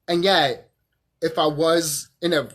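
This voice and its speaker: A man's voice: fairly high pitch, fairly even intonation, slow, fairly bright tone. A drunk man, stuttering a little, delivering a profane, emphatic monologue to camera as a vlogger and repeating himself for force.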